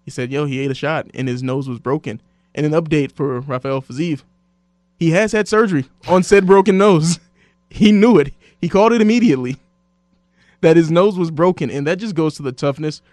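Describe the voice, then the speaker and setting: A man hosting a casual sports podcast, telling stories and quoting others in lively voices. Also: a little high, a little fast, no echo, studio quality. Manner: animated storyteller, quotes others in voices. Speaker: sports radio host.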